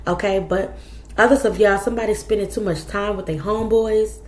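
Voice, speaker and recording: A woman's voice: medium pitch, steady tone, fairly quick. Casting note: woman tarot reader, blunt and profane, chatty, roomy echo. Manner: blunt, profane, chatty, addresses viewers as y'all. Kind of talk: casual tarot reading.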